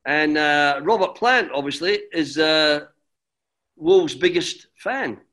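A middle-aged man with a slightly high voice, a former footballer, tells a long story as an interview guest. He rambles, restarts sentences and calls the listener "mate" in a relaxed, chatty way. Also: slow pace.

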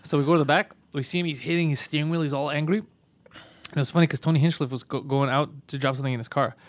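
A man hosting a podcast, telling an animated, profane story in casual chat. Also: fairly high pitch, racing, no room sound. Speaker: podcast host.

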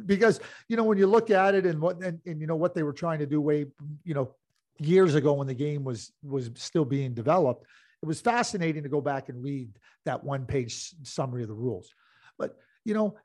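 A man's voice: a little high, a little mellow. A middle-aged man, a hockey analyst and former team executive, telling long rambling stories full of filler phrases on a sports talk podcast. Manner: rambling storyteller with many "you know" fillers.

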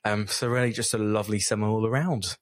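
A man's voice: lowish voice, steady tone, fast talker, no echo. A young man hosting a casual podcast, playful and chatty, joking and laughing with his co-hosts. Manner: playful, sings his intro. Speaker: podcast host.

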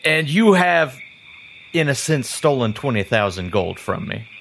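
A man's voice: medium pitch, sing-song, measured pace, vocal fry, fairly bright tone, slight background noise, heavily acted. A man voicing a blunt, irritable male crime boss who swears while bargaining. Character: gruff male criminal boss, wounded and cussing.

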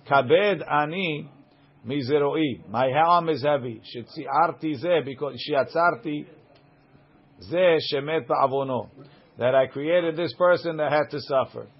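A man's voice: fairly high pitch, a little slow, husky. Man translating a Talmud text aloud. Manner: reads Aramaic text then translates it line by line. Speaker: Talmud teacher. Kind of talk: Talmud class, reading and translating. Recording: dull lo-fi recording.

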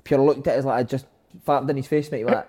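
A man's voice: medium pitch, fairly even intonation, fast talker, mellow. A Scottish man in casual banter, teasing the others and prodding them to tell stories.

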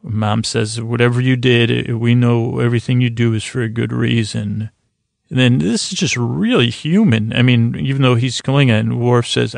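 A man hosts a sleep podcast, recapping a TV episode in a meandering, earnest ramble full of restarts. His voice is gravelly and flat in pitch. The recording is dry and close. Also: no echo. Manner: meandering, many restarts and fillers, quietly earnest.

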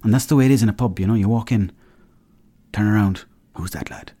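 Fast-talking, with a lowish, warm voice, this Irish podcast host in his thirties rambles through a casual solo monologue. He jokes loosely and acts out small dialogues.

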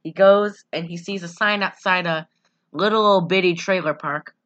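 Casual podcast co-host, woman, bright and forceful tone, slightly low voice, laughs a lot while retelling a movie. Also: normal speed, highs cut off. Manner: giggly, rambling, acts out quotes. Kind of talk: casual chat recapping a movie.

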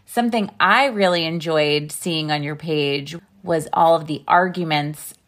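A woman's voice: low-pitched, a little slow, fairly bright tone. A woman in her late thirties hosting a podcast, enthusiastic and gushing in casual interview chat. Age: late 30s. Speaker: podcast host.

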